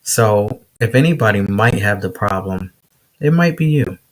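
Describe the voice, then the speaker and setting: A man hosting a casual podcast interview, laid-back and quick to laugh. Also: lowish voice, expressive, slight background noise. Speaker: podcast host.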